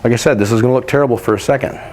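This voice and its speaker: A man gives a step-by-step painting demonstration, talking through each stroke in a relaxed, practical way. His voice sits at an ordinary pitch. A faint noise hangs behind him. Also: rapid-fire. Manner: relaxed, practical, explains while working. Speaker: painting instructor.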